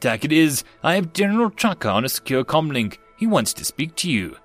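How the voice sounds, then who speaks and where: A man voicing a small, eager AI war program with a high little voice and a cheery, talkative manner. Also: big pitch swings, fairly quick, a bit bright, soft background music. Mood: chirpy.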